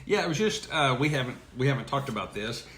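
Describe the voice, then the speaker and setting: A man's voice: medium pitch, animated, fast talker, fairly bright tone. A man co-hosting a casual morning show, with a dry, playful manner. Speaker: co-host of a morning livestream. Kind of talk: casual chat. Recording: roomy echo with faint noise.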